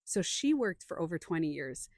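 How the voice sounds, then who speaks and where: A woman's voice: fairly low pitch, normal speed, no echo, clean studio sound. A woman talking casually about feelings, telling stories and acting out what people said. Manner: animated storytelling, acts out quotes. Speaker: podcast host. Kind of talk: casual opinion talk.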